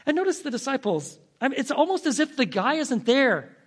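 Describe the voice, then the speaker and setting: A man preaching a storytelling sermon, dramatic, swinging between hushed, drawn-out phrases and emphatic bursts. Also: very high voice, sing-song.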